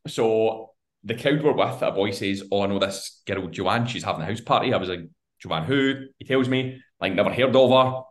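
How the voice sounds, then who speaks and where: A man's voice: lowish voice, normal speed. Scottish man telling a laughing anecdote. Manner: swears freely and laughs through his anecdotes. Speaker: podcast co-host. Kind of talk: casual storytelling chat.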